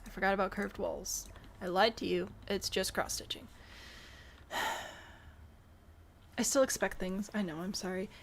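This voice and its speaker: Building in a game on her live stream, this young Michigan woman talks casually in a mild Midwestern accent, musing aloud and answering chat. She speaks at a medium pitch with a steady tone and measured pace, using vocal fry and frequent pauses; the tone is fairly bright, with a little hiss or hum.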